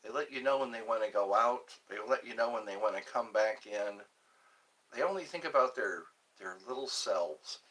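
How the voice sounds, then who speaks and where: A man's voice: fairly low pitch, expressive, moderate pace, fairly bright tone. A man hosting his own live stream, rambling and joking between topics, greeting viewers and now and then breaking into mock cries.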